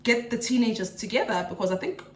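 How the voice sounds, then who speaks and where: A woman's voice: on the high side, fast talker, reverberant, slight background noise. A South African woman in her thirties, a mother vlogging in a chatty, emotional, rambling way. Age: 30s. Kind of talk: casual chat to camera.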